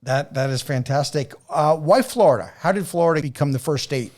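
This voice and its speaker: A man with a New York accent hosting a podcast interview, animated and laughing often. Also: fairly high pitch, brisk. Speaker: podcast host. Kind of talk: casual interview.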